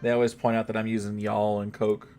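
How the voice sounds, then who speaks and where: A man's voice: fairly low pitch, quick pace, faint music behind. A young man with a Southern US accent and a slight twang, chatting casually and cursing freely while streaming a game. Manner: relaxed, rambling, swears freely. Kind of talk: casual chat while gaming.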